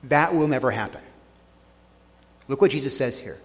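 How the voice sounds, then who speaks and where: A middle-aged man preaching a sermon to a congregation, earnest, often dropping soft and low on key lines. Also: normal speed. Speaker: pastor. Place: church sanctuary. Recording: long church hall reverb.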